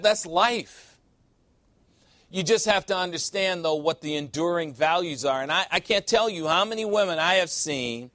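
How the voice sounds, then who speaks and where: High-voiced preacher man, dry close sound. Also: a bit bright, no room sound. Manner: call-and-response preaching, playful asides. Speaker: pastor. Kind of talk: sermon. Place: church sanctuary.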